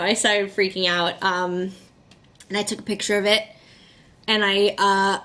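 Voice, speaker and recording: A young woman vlogger telling a story to the camera in an excitable, chatty way, with plenty of fillers. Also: medium pitch, a little slow, long pauses.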